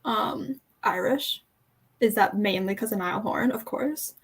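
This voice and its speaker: A young woman hosting a casual livestream book chat over a video call, teasing and giggling through quick banter. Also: medium pitch, slightly rough. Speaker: booktube host.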